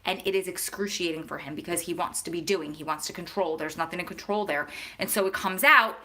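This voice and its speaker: Chatty woman vlogging to her viewers, bright sharp voice, talks right at the camera. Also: lowish voice, a little fast. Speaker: vlogger answering viewer questions. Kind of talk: casual chat.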